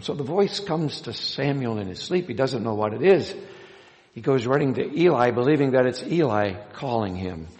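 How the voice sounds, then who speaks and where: A man reading scripture aloud and then preaching a sermon as pastor, telling stories and acting out the quoted lines. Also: medium pitch. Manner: storytelling, acts out quoted lines with a raised voice; hesitant restarts with uh. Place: church sanctuary. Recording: long reverb of a church hall.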